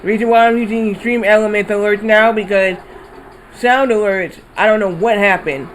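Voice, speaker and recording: A man's voice: sits high, normal speed, slight background noise, poor audio. A man streaming a video game, telling a rambling story with casual swearing. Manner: rambling, animated retelling with swearing. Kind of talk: casual storytelling while gaming.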